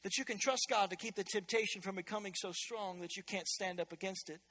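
A pastor delivers a sermon in church, sounding energetic and conversational and tossing in joking asides. His voice sits high and he moves at a brisk clip.

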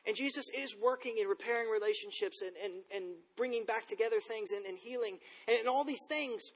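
High-voiced man preaching in a big echoey hall. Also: fairly quick, husky. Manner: conversational, self-deprecating storytelling. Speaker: pastor. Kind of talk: sermon. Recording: long reverb in a large room.

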